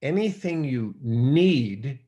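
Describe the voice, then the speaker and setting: Speaking slowly in a mellow, expressive, medium-pitched voice, this podcast guest rambles through a personal story. He leans heavily on fillers and acts out what he was thinking back then, in a loose, conversational way.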